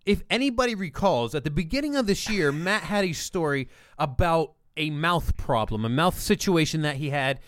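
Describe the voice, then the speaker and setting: Animated young man telling a story. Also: fairly high pitch, normal speed, no echo. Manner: animated storytelling, reading texts aloud. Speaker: podcast co-host. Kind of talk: casual podcast banter.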